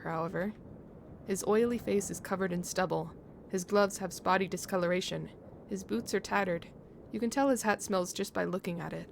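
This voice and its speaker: A woman's voice: medium pitch, vocal fry, a little hiss or hum. Chatty woman streamer reading aloud. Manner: chatty, laughing, muses on pronunciation. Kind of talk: reading a game's story aloud to chat.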